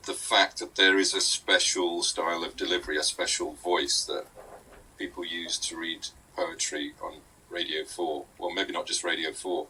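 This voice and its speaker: A man's voice: low-pitched, pushed and bright, breathy edge, low-quality recording. A man who is a guest comedy writer on a podcast, chatting casually in a giggly, playfully sweary way.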